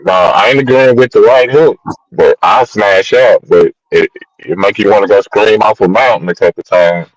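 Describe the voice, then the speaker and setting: Deep-voiced laid-back man. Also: fairly quick, few pauses, no room sound, rough recording. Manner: laid-back and crude, slangy. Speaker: podcast co-host. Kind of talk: casual chat.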